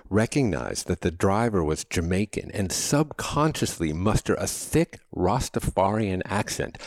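Man, low voice, dry close-mic sound, middle-aged, reflective essay reading, wry and confessional. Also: darkish tone, dry recording. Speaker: podcast host reading his own essay. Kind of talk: reflective first-person essay narration.

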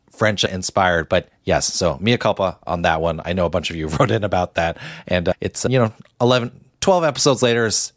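A man's voice: on the low side, a bit bright, no room sound, clean studio sound. A middle-aged man co-hosting a podcast, chatting casually with fillers and self-deprecating asides. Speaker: podcast co-host. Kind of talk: casual chat.

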